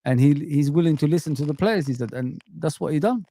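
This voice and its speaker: A man's voice: fairly high pitch, fairly quick, mellow. A man hosting a casual football chat, rambling with many restarts and fillers. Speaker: podcast host.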